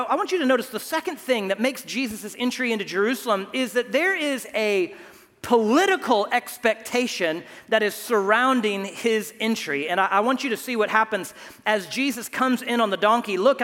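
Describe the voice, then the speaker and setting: High-voiced male pastor in a reverberant hall. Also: a bit bright. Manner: conversational, repeats words at starts of phrases. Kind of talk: sermon.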